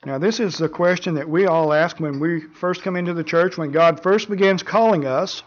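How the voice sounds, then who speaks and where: A man preaching a sermon in an earnest, measured way, often repeating words as he goes. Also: on the high side, highs cut off. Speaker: pastor.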